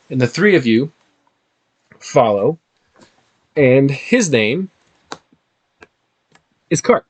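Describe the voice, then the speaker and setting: A man narrating a tabletop game as game master, animated and halting. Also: medium pitch, breathy edge.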